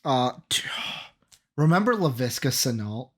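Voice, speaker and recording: A man's voice: mid-range voice, measured pace. Chatty man quizzing his co-host. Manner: energetic, rattles off names and quizzes his co-host. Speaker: podcast co-host. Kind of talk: casual sports chat.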